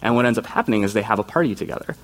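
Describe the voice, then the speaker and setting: A man's voice: on the low side, lively intonation, rapid-fire. A man preaching a conversational sermon as a youth pastor, earnest and informal, often slipping into quoted voices.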